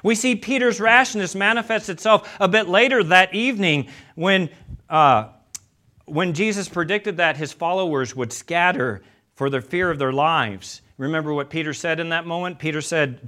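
A man preaching a sermon and retelling scripture as a story. He acts out the quoted lines in quieter, slower voices. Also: on the high side.

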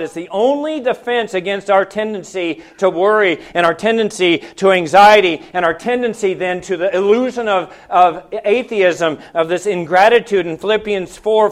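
A man delivers a sermon in a notably high-pitched voice. He asks his listeners question after question, pressing his points loudly, then drops to a hushed, quiet tone. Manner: preaching with rhetorical questions to the congregation; swings between loud emphatic lines and hushed quiet ones. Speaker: pastor.

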